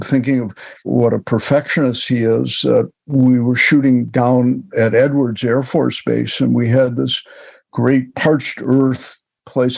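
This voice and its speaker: An older man, a film director, telling relaxed, wry anecdotes as a guest in an interview. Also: mid-range voice, vocal fry, no echo. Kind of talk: storytelling in an interview.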